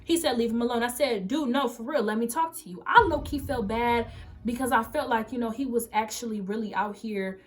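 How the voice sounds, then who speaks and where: Animated young woman telling a story. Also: on the high side, brisk, faint music behind. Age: late teens. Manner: animated, emphatic storytelling, acting out quoted texts. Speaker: vlogger. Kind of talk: story time vlog.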